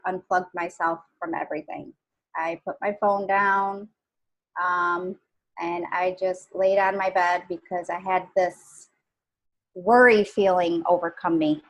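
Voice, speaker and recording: A young adult woman telling a personal story in a halting, casual way, with many pauses and fillers. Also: lowish voice, low-quality recording. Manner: halting, many ums and restarts. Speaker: guest sharing a story.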